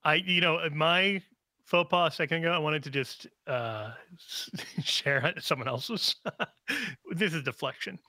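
A man who is a regular guest on a radio talk show, telling stories in an animated way and laughing often. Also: fairly high pitch, unhurried, no echo.

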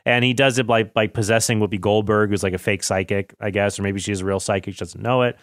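A man's voice: fairly low pitch, steady tone, fast talker, dry recording, studio quality. A man in his thirties casually talking about films, chatty and self-correcting, often laughing at himself. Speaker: film commentary host. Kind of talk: casual film commentary.

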